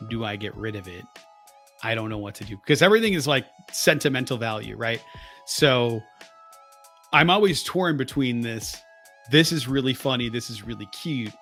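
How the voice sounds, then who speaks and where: A man in his thirties co-hosts a podcast in a mid-range, slightly bright voice. In casual chat he tells rambling stories and corrects himself along the way.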